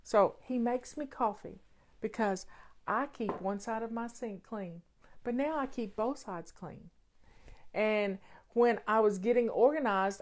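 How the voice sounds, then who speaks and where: A woman with a fairly high-pitched voice hosts a laid-back question-and-answer program about home organization. She sounds emphatic and folksy and repeats her key phrases.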